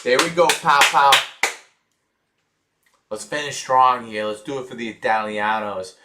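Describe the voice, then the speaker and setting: Excitable male live-stream host. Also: medium pitch, a little slow. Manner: excitable, chatty, cheering and teasing viewers. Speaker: livestream host. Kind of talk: casual live-stream commentary.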